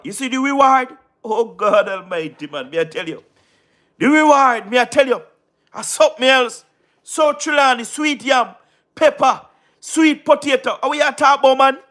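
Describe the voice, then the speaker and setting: A man's voice: very high voice, sharp tone. A man with a Jamaican accent hosting a casual livestream, talking emphatically, repeating himself and often asking if you understand. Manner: repetitive, emphatic, keeps asking "you understand what I mean?". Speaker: livestream host.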